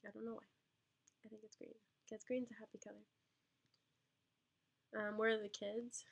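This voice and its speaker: A woman's voice: medium pitch, little pitch movement, normal speed, creaky. A young woman and mother answering viewer questions on a casual live stream, with lots of ums and small laughs. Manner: chatty, lots of ums, talks to her baby. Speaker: vlogger and mother.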